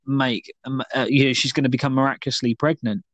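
A man's voice: mid-range voice, little pitch movement, fast, a bit bright, no room sound. Rambling, jokey male podcast host. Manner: rambling, playful, with many fillers. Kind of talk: casual chat.

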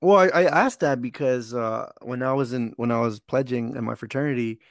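A man in his twenties hosting a casual chat, telling stories in a relaxed way and laughing easily. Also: medium pitch, fairly quick, no room sound, studio quality.

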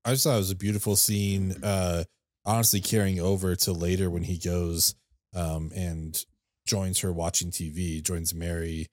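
A man co-hosting a podcast, chatting casually about a film with a relaxed, rambling manner full of fillers. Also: low voice, moderate pace, no room sound, studio quality. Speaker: podcast co-host. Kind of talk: casual chat.

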